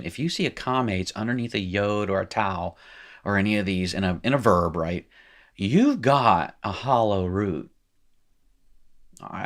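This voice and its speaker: This is a man with a fairly low voice giving a casual recorded lesson. He reads passages from a textbook, then comments on them loosely, with frequent restarts and small self-corrections. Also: fairly bright tone. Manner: rambling, self-correcting, joking asides. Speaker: teacher.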